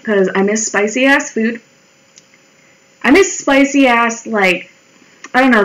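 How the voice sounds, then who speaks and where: An American woman livestreams herself drawing, chatting casually, rambling, swearing and poking fun at herself as her voice wears out. Her voice is fairly high and a bit bright, and the recording quality is low.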